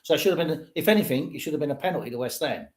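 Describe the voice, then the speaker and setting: A man's voice: a little high, lively intonation, racing. Opinionated older man. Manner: opinionated, rambling with restarts. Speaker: podcast host. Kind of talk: casual football chat.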